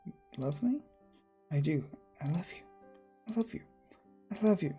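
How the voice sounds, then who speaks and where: A man's voice: on the high side, animated, normal speed, dark tone, faint music behind, natural voice. A man voicing an obsessive, devoted young woman in a visual novel who gushes breathless declarations. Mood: adoring.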